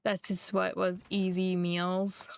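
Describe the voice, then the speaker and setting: A young woman from Missouri, chatting casually and rambling while she streams a game, quick to poke fun at herself. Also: fairly low pitch, little pitch movement, creaky, clean tone. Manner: rambling, chatty, self-deprecating. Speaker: livestreamer. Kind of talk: casual live gameplay chat.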